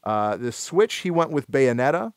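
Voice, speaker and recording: A man hosts a relaxed gaming podcast and talks at a middling pitch, rambling and restarting his sentences with plenty of fillers. The sound is dry and close, with no room around it. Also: normal speed, clear, resonant tone, no echo. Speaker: podcast host. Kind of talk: casual gaming podcast chat.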